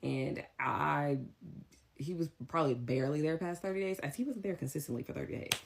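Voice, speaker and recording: A young woman telling a story in a casual vlog, blunt and animated, acting out the dialogue. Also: low-pitched, a little fast, creaky, noisy background.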